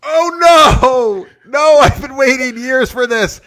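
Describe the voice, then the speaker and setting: A man's voice: very high-pitched, takes it slowly, pitched above the performer's own voice, heavily acted. A man voicing an eager superhero in an improv comedy sketch, half singing his lines. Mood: excited. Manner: sing-song, excitable.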